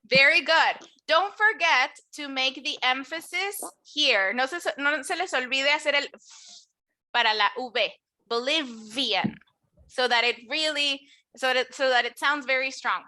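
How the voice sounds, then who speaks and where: Bright, high-pitched woman as a bilingual English teacher, slow model words for repetition. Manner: switches between English and Spanish explanations; slow, drawn-out model words for students to repeat. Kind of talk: online class teaching nationalities.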